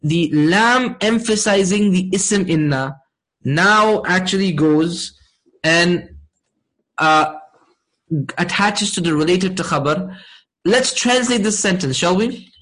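A man teaching a class, explaining slowly and checking in with his students often. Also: high-pitched, fairly bright tone, poor audio. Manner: slow, deliberate explaining. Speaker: Arabic grammar teacher.

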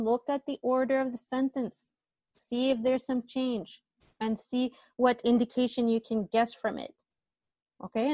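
A woman's voice: a little high, a little mellow, dry recording. A woman teaching an online Arabic grammar class, explaining step by step and often checking with students, with a slight cough.

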